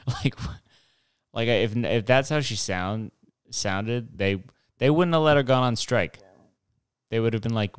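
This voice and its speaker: A man's voice: mid-range voice, expressive, a little slow, long pauses, clean tone, no echo, clean studio sound. A young man rambling through a solo podcast monologue, digressive and profane, with mocking asides. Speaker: podcast host.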